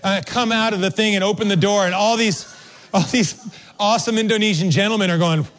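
A male pastor preaching a sermon, telling a story with animated, acted-out reactions. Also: sits high, a little fast. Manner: animated, acts out his own reactions.

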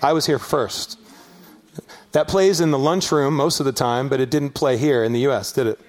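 A middle-aged man from Los Angeles preaching a sermon as pastor, telling a story with animated rises and shouted peaks. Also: medium pitch, brisk. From Los Angeles area, US.

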